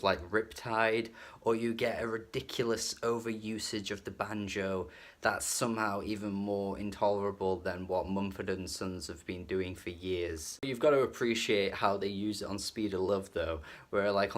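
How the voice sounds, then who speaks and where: A man giving a casual album review as an exasperated, mocking rant with swearing, often laughing in disbelief between phrases. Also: fairly low pitch. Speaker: music reviewer.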